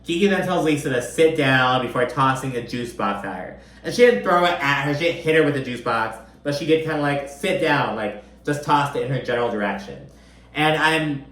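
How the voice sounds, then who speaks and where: A man's voice: mid-range voice, fairly quick, a bit bright. A man giving a casual, profane and gossipy recap of a reality TV episode. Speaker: recap commentator. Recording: echoey room.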